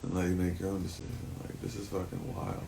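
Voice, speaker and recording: A man's voice: sits low, flat delivery, quick pace, vocal fry, background noise. A man talking through a rambling personal monologue, swearing often and turning heated and emotional at times.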